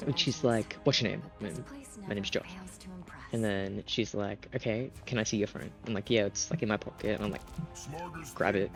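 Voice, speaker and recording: A man's voice: on the low side, gravelly. A young man telling a rambling storytime story, with lots of fillers and giggles. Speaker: gaming storyteller. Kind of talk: casual storytime while gaming. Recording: game music playing under the voice.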